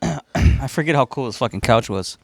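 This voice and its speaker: A man's voice: medium pitch, lively intonation, moderate pace, vocal fry, background noise. A man co-hosting a podcast, telling a wild story in casual chat, swearing freely, laughing often and acting out the voices of the people in it. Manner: profane, laughing, acts out voices in stories. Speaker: podcast co-host. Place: podcast studio room.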